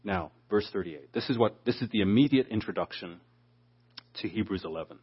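Male preacher, low husky voice, teaches scripture and voices the quotes, muffled lo-fi recording. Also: fairly quick. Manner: expository, acts out quoted speakers. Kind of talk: Bible teaching. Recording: dull lo-fi sound.

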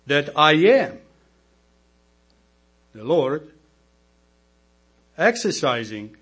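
A male deacon, not a native English speaker, preaching a sermon slowly and emphatically, asking the congregation rhetorical questions. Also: medium pitch, fairly bright tone, breathy edge. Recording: mains hum in background.

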